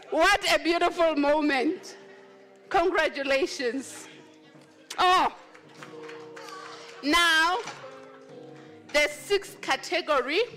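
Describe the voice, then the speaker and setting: A woman hosting an awards ceremony, announcing winners with exuberant, teasing energy. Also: high voice. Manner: exuberant, teasing, cheering with shouts. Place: large function hall.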